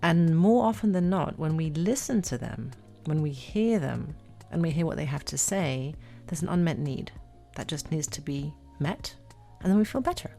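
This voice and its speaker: A woman life coach chatting on a podcast, animated, repeating words and acting out her own self-talk. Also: low-pitched, normal speed, vocal fry, few pauses, soft background music. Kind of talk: casual podcast chat.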